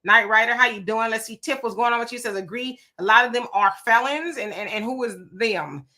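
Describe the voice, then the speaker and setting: A woman's voice: a little high, a little fast, pushed and bright. A woman hosting a casual live stream, greeting viewers one by one and reading their comments aloud in loose vernacular talk.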